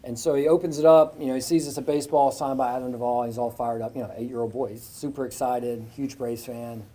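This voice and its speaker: Husky, mellow man giving a talk. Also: medium pitch, fairly even intonation, fast. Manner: storytelling, conversational with fillers. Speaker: guest speaker at a business breakfast. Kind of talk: inspirational speech with a faith message.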